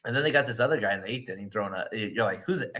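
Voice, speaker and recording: A man's voice: on the low side, rapid-fire, bright, forceful tone. A man co-hosting a casual baseball talk show, rambling, laughing often and acting out quotes of other people. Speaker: co-host. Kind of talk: casual sports chat.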